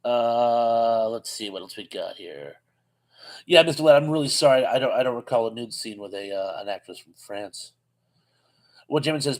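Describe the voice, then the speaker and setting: A man's voice: mid-range voice, animated, a little slow, low-quality recording. Rambling man hosting a live chat. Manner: chatty, rambling, frequent restarts and chuckles. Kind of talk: casual live chat reading viewer comments.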